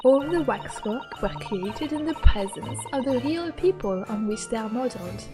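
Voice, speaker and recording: An older French waxworks artisan, macabre and hushed, as a woman puts her on in an exaggerated accent. She speaks in a measured, theatrical way, high in pitch with lively swoops. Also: over music, close to an everyday voice. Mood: sinister. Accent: French (put on).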